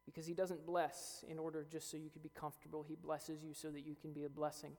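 A man's voice: fairly high pitch, completely flat delivery, fast talker, gravelly, a little mellow. A young man preaching a sermon as a pastor, earnest and building to emphatic peaks. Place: church hall. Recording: reverberant hall with faint music.

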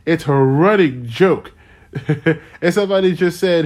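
A man's voice: a little high, a little slow, a little mellow. A young man hosting a solo podcast, ranting casually, rambling off on tangents, losing his train of thought and chuckling between points. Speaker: podcast host.

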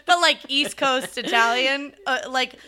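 Chatty giggly woman, bright voice. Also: high voice, a little slow. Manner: chatty, giggly, lots of "like" fillers. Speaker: podcast co-host. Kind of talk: casual chat.

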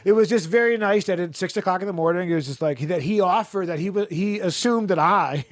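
A man chatting on a podcast, his voice sitting a little high. He rambles through anecdotes and laughs often. The sound is dry and close. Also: a little fast, no echo. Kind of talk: casual podcast chat.

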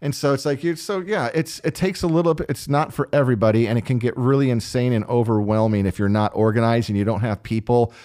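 Animated man telling set stories. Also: mid-range voice, fast, few pauses. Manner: animated, acts out voices. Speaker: line producer guest. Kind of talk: casual storytelling interview.

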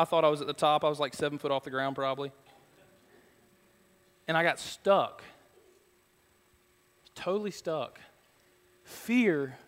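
A man preaching a sermon from the pulpit, earnest and building to loud, emphatic passages. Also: fairly high pitch. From Georgia, USA. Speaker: pastor. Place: church sanctuary. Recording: church hall reverb.

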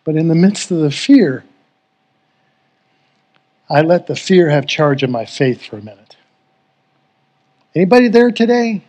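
A man's voice: fairly high pitch, lively intonation, measured pace, long pauses, darkish tone. A middle-aged man preaching a sermon as pastor, earnest and emotional, telling a personal story and leading prayer. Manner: earnest, emotional, rising to fervent.

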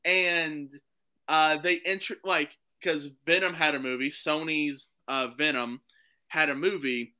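A man chatting as a podcast guest, rambling excitedly with lots of fillers. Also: fairly high pitch, measured pace, clean tone, poor audio. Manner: excited, rambling, full of "like" and "you know". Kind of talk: casual chat.

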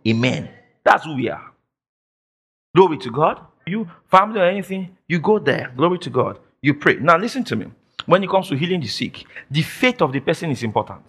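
A male pastor delivers a sermon in a high, animated voice that swoops all over. He presses his points by repeating phrases and breaks into shouted declarations. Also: slightly rough. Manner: quotes imagined listeners in mock voices.

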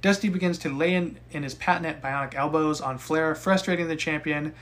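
A young man co-hosting a casual podcast, recapping a wrestling match with profane, animated rants. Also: on the high side, fairly quick. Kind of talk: casual chat.

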